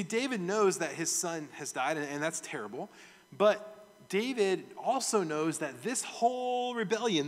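A man's voice: on the high side, fairly bright tone, long reverb tail. A male pastor teaching a verse-by-verse sermon in a conversational way, often asking his audience questions. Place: church sanctuary.

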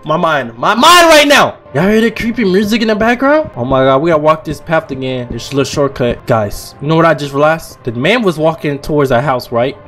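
Young man panicking through a horror game. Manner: swings from low mumbling to loud panicked shouts, reads on-screen text aloud. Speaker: gaming channel host. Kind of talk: horror game let's play commentary.

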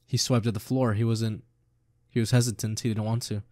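A man reading a manga aloud and reacting to it in a casual, excitable way, swearing freely. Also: lowish voice, brisk, dry recording, clean studio sound.

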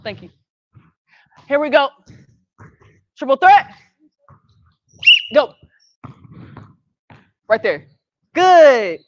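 A woman coaching a youth basketball practice, calling brisk directions and praise and gently correcting the kids. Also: high-pitched, very animated, no echo. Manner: brisk, directive calls and encouragement; patient, gentle correction of the group. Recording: dull, dry lo-fi sound.

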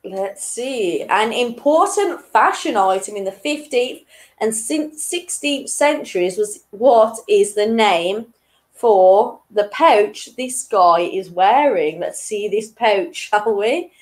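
A woman's voice: mid-range voice, animated, slow, poor audio. A young woman hosting an online quiz in a chatty, casual way, chuckling between questions. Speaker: quiz host.

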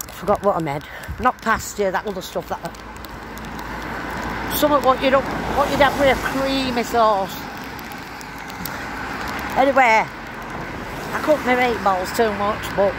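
An older vlogger, her voice a little high, chats and rambles in broad dialect as she walks outdoors along a town street. It's a noisy phone recording, with traffic and street sounds behind her.

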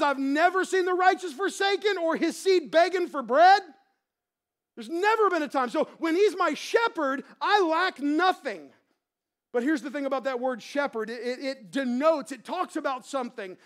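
Woman pastor, high voice, fervent conversational sermon that repeats itself and builds to shouts. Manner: impassioned, repeats phrases, swells to shouts; conversational preaching with many restarts.

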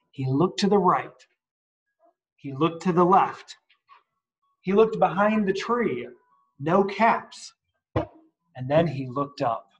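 A man's voice: a little high, highs cut off. A man reading a picture book aloud at story time, adding chatty asides and asking the kids questions, at home. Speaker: reader at children's story time.

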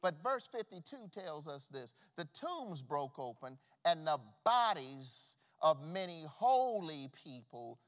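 A man preaching a sermon as pastor, swinging from loud calls to hushed, folksy asides. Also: on the high side, big pitch swings, slow pace, hardly any pauses. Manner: preaching with big swings from shouts to hushed tones. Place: church sanctuary. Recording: long reverb of a church hall.

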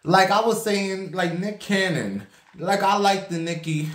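A man's voice: sits high, unhurried. Chatty swearing man in an echoey room. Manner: chatty and animated, swears freely, leans heavily on "like". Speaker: vlogger. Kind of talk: casual storytelling monologue. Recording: roomy echo.

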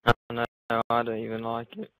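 A young man in casual gaming chat, exclaiming a lot in a gravelly voice. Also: medium pitch, completely flat delivery, fast talker, sharp tone, no echo, poor audio. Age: young adult. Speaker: gamer.

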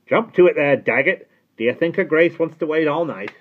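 A man's voice: a little high, fairly quick, voice pushed up, lightly acted. A man voicing an impatient, bossy coachman who barks orders. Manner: barking orders. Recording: tinny phone-like sound.

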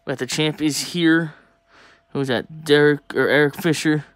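A young man talking casually to viewers while opening sports cards, chatty and excitable. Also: a little high, moderate pace, no room sound. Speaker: sports card collector opening packs. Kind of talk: casual pack-opening vlog.

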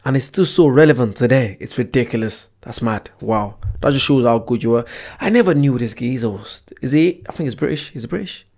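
A man's voice: mid-range voice, expressive, brisk, hardly any pauses, a little mellow. A man hosting a reaction video, chatting casually and directly to his viewers in a slangy way. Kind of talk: casual chat to camera.

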